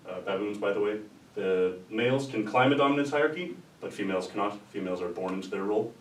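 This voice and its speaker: Man, low voice, casual rambling lecturer, recorded from a distance in a roomy lecture room with a faint rumble. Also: lively intonation, fast. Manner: rambling, conversational, with restarts and asides. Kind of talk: informal lecture.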